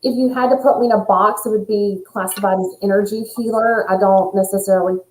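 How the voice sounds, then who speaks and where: Woman, spiritual coach, earnest and animated, middle pitch, roomy echo. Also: fast talker. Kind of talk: casual chat.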